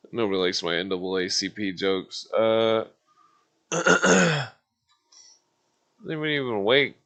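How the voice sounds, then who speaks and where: A streamer in his forties rambles through a casual livestream rant, swearing constantly and laughing at his own jokes. His fairly low voice is creaky and sharp-toned, slow, with long pauses.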